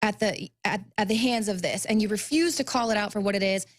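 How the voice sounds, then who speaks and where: A woman reporter joins a talk show discussion and speaks with frustrated indignation. Her voice sits at an ordinary middle pitch. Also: a little fast. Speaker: reporter and co-host.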